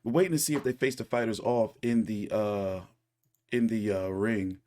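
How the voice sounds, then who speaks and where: A man's voice: on the low side, fairly even intonation, normal speed, warm tone. Man, boxing channel host, casual reaction commentary, rambling, opinionated. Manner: rambling, opinionated, many fillers.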